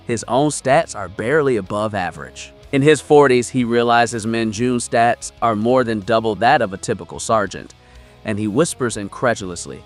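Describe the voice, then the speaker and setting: Man narrating a story recap over faint music. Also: mid-range voice.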